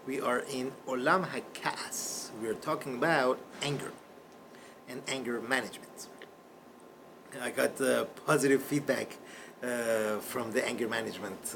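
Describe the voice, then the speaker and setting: A man teaching a Torah class in a classroom, telling a story in an animated way. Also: medium pitch, vocal fry, background noise. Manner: animated storyteller, shifts voice for quotes. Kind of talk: storytelling lecture.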